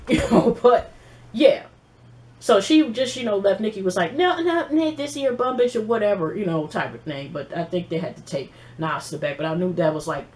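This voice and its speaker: Animated, profane woman recapping reality TV. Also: mid-range voice. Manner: animated, profane, mimics people she quotes. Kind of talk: casual episode recap.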